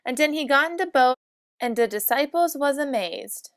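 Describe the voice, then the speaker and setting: A woman's voice: high-pitched, animated, normal speed, no room sound, studio quality. A woman narrating a comic storybook in mock-solemn lolcat speak.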